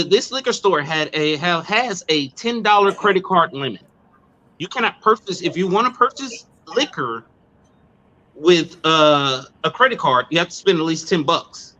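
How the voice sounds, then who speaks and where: A man in a casual online talk, telling a story in a loud, profane and animated way, stumbling over repeated words. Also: on the high side, slight background noise. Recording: dull lo-fi sound.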